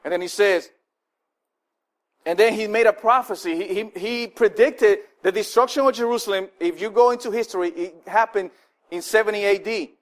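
Guy preaching a sermon, pretty high voice, chatty, lots of "like" and "you know", acts out the quotes. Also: moderate pace. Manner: conversational preaching with frequent fillers and restarts; animated, acts out the people he quotes. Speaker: pastor.

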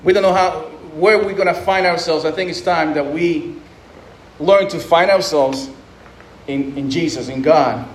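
A man's voice: on the high side, measured pace. A man preaching a sermon in a conversational way, often acting out quotes with restarts along the way. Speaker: pastor. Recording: echoey room, faint noise.

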